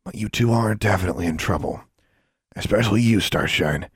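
A man's voice: deep voice, fairly quick, husky, no room sound, full character voice. A man voicing a middle-aged school custodian who speaks in a dry, teasing, stern way.

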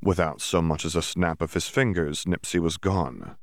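Male audiobook narrator; low, gravelly, steady and measured; dry booth sound. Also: no echo. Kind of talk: scripted narration.

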